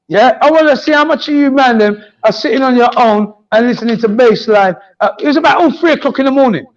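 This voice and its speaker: A man, a DJ guest telling stories in lively, laughing podcast chat. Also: very high voice, fast, hardly any pauses, dull audio. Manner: lively storytelling, frequent laughter.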